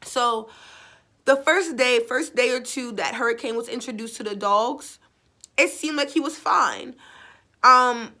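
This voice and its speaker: A woman telling a story in a casual vlog, chatty and digressive, blunt and expressive with casual swearing. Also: on the high side. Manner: chatty and digressive, with frequent fillers. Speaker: vlogger.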